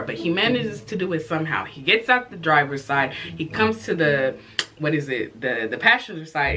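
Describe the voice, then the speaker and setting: A woman with a slightly low voice tells a story in a loose, casual vlog style. She is animated and expressive, throws in cussing and asides to her viewers, and faint music plays underneath. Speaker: vlogger.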